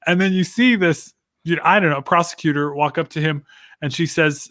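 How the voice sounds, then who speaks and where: Man, comedian, podcast guest, fairly high voice, anecdotes, playful. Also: a little fast, sharp tone, dry recording, studio quality. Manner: storytelling, jokey, acts out quoted people. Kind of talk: casual podcast chat.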